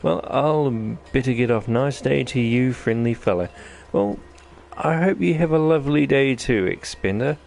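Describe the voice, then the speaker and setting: Kiwi guy with a gravelly voice doing let's-play commentary, rambly and jokey. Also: mid-range voice, normal speed, hardly any pauses, a little mellow, slight background noise. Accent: New Zealand. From New Zealand. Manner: rambling, jokey, self-deprecating chatter. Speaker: gaming channel host.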